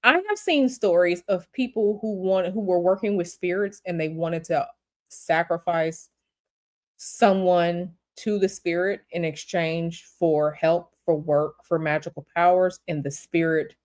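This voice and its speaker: Blunt, animated woman tarot reader. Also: lowish voice, a little slow. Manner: blunt, animated, repeats herself. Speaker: tarot reader answering viewer questions. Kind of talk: casual livestream chat.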